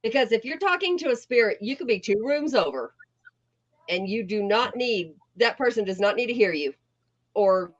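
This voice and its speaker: A woman's voice: on the high side, expressive, moderate pace, muffled recording. A woman guest, a paranormal investigator and medium, speaking matter-of-factly on a talk show. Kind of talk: casual chat.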